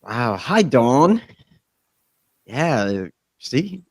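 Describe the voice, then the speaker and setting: A man's voice: mid-range voice, sing-song, very slow, a little mellow, husky, no echo. A middle-aged man hosting a podcast in loose, profane, joking chat full of fillers. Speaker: podcast host. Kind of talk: casual, crude chat.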